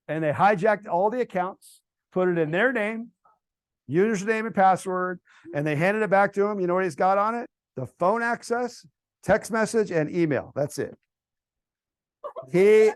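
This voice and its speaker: A middle-aged American man speaking casually to a church group, telling stories that build to loud, animated outbursts. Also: high-pitched, normal speed, no room sound. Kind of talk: casual storytelling talk to a group. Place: church hall event.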